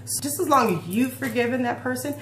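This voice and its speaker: A woman's voice: fairly high pitch, expressive, a little fast. Heartfelt woman in her forties, roomy echo. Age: 40s. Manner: heartfelt, emotional, rambling with restarts. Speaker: fitness vlogger. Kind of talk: personal confessional vlog talk. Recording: roomy echo with faint hum.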